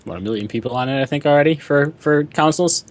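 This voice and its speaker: A man's voice: a little high, quick pace. A man hosting a casual gaming podcast, talking in a rambling, filler-heavy way. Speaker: podcast host. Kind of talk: casual chat.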